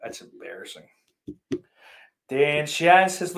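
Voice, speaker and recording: A man hosting a casual livestream podcast, reading viewer comments aloud and cursing a lot, sarcastic, his voice swinging between loud and quiet. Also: mid-range voice, animated, measured pace. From Irish heritage. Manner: profane, sarcastic, with big swings in loudness.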